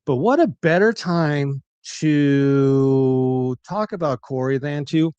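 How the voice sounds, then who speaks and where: A man's voice: medium pitch, slow, darkish tone, smooth, dry recording, highs cut off. A man hosting a casual live stream, chatting and retelling a story with acted-out quotes. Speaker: livestream host.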